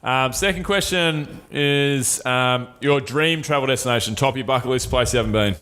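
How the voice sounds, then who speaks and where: A man hosting a casual podcast interview, relaxed, with hesitant fillers as he asks questions. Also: mid-range voice, normal speed, clear, resonant tone. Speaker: podcast host.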